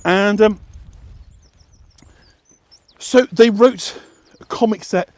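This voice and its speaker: A man's voice: high voice, extremely slow, a little mellow, no echo. A man from West Yorkshire chatting and explaining as he walks along an outdoor path, rambling with many fillers and restarts. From West Yorkshire, England. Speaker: walking guide and vlog host. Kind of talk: casual explanatory chat while walking.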